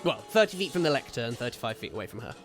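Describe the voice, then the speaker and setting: A man narrating as game master for a tabletop game, relaxed and full of filler sounds as he describes the scene. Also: medium pitch, rapid-fire, soft background music.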